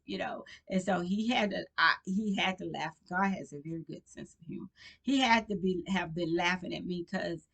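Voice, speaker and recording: A woman speaks straight to her viewers in a casual vlog, her voice sitting slightly low. She rambles through her story with plenty of fillers and false starts, in relaxed, colloquial speech. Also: fairly quick, creaky. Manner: rambling, with many fillers and restarts. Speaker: vlogger.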